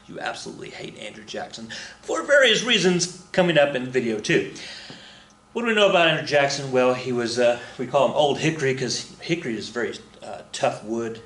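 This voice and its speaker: A man's voice: medium pitch, a bit bright, roomy sound. A man teaching a casual recorded history lesson, chatty and rambling, with lots of fillers, restarts and joking asides.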